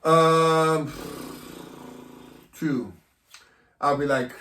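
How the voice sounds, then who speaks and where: A man's voice: mid-range voice, expressive, moderate pace, distant mic. A man hosting a loose, casual chat, teasing and provocative with frequent laughs. His voice rises and falls a great deal. He sounds set back from the mic in an echoey room. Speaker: host.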